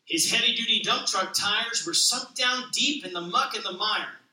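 Pastor guy reading a kids book then joking around, high voice, echoey church room. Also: moderate pace, far from the mic. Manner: lively storybook reading, then casual joking talk. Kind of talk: sermon opening with a read-aloud picture book.

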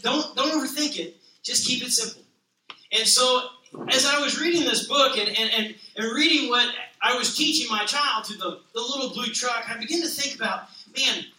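A man, a pastor, reading a children's picture book aloud with lively expression, then talking casually to open a sermon. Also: high voice, roomy sound, far from the mic, low-quality recording.

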